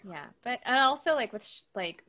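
A woman co-hosting a casual podcast chat, talking hesitantly with many fillers and trailing off softly. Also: on the high side, expressive, moderate pace. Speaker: podcast co-host.

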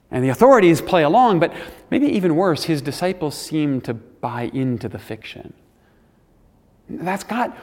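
A man's voice: a little high, long reverb tail. A man giving a sermon, reflective and earnest, with the odd dry aside. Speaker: preacher.

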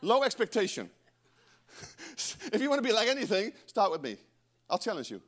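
A middle-aged man preaching a sermon in church, animated and breaking into joking asides to the congregation. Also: sits high, brisk. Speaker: pastor.

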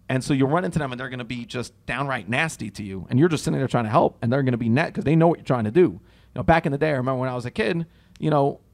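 A young man hosting a casual podcast conversation, telling stories in a lively way and acting out the dialogue. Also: medium pitch. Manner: animated storyteller, acts out dialogue.

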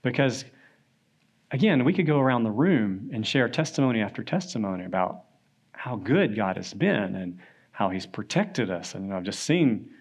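A man, his voice sitting a little low, leads a Sunday school class in a church classroom. He talks in a loose, conversational way, reads scripture aloud, and keeps checking in with the group. When he tells a story, his delivery turns lively. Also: normal speed, breathy edge. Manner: conversational, often asks "right?", animated when telling a story. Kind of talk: casual Bible lesson.

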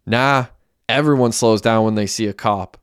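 A man reading a bold young gangster in a crime audiobook who barks blunt orders and swears freely. The voice is smooth and resonant, recorded dry and close. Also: fairly low pitch, moderate pace, dry recording, lightly acted. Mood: urgent.

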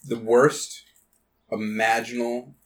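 A man playing a tabletop role-playing game, talking haltingly with frequent restarts. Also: medium pitch, little pitch movement. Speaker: player. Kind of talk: tabletop role-play chat.

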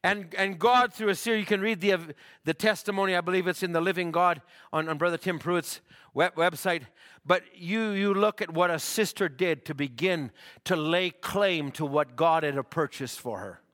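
A man preaching a sermon, halting and repeating words, then building to emphatic declarations. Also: high-pitched, fairly bright tone.

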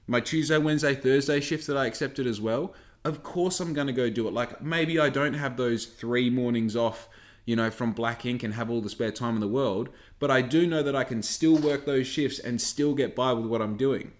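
A man's voice: medium pitch, a little fast. A man, rambling and swearing through a casual podcast monologue. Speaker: podcast host.

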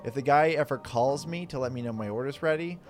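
A man's voice: mid-range voice, quick pace, faint music behind. A man co-hosting a comedy podcast, cracking jokes in casual banter. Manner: wisecracking, animated, joking. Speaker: podcast co-host.

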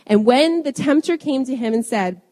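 Young woman preacher, lively and self-laughing, higher voice, reverberant hall sound. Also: moderate pace. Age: young adult. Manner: animated, laughs often at herself. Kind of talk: sermon.

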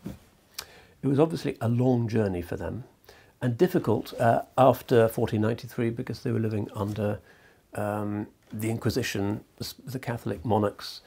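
Gravelly, husky male lecturer. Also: mid-range voice, dark tone. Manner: measured and discursive, with frequent ums and restarts.

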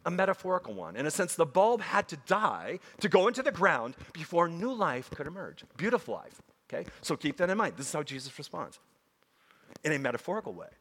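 A man preaching a sermon to a congregation, emphatic and animated, with frequent asides to his listeners. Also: on the high side, husky. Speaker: pastor. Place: church sanctuary. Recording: long hall reverb.

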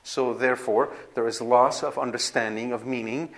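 A man giving a classroom lecture on scripture, at a middle pitch. He explains step by step and stops now and then to make sure the students follow. His delivery is unscripted and conversational, with small restarts. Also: fairly even intonation, normal speed. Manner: explanatory, repeats himself with frequent "right?" checks and restarts. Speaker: Bible teacher.

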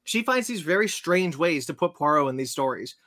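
A man on a podcast telling a long, animated story about a movie he saw and acting out its scenes. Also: fairly high pitch, a little fast. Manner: animated storyteller, acts out scenes in silly voices. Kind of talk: casual chat, movie rant.

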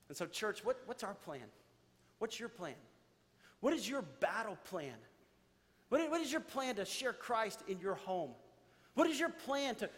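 A man, a pastor preaching a sermon and telling stories to his church. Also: high voice. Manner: storytelling, animated, addresses church directly. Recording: reverberant church hall.

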